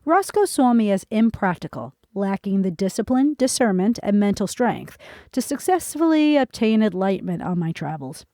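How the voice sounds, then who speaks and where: A middle-aged woman reads from her own memoir with an earnest storytelling touch. Her voice is mellow and soft-edged. The recording is dry and close, with no room sound. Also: mid-range voice, very animated, moderate pace, no echo. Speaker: author reading her memoir. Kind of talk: memoir reading on a podcast.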